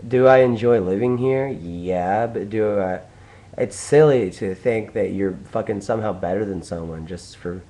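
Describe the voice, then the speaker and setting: A young American vlogger talks alone in a casual monologue, ranting, swearing and rambling with many restarts. His voice is on the low side and dark in tone at a normal speed, and the audio is poor.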